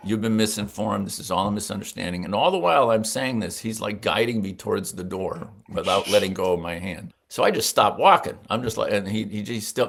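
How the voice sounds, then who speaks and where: A man in his sixties with a low, gravelly voice tells stories in a relaxed interview. He is a longtime sportswriter, and he livens up his anecdotes by acting out the people he quotes. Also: brisk, slight background noise. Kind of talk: storytelling in a casual interview.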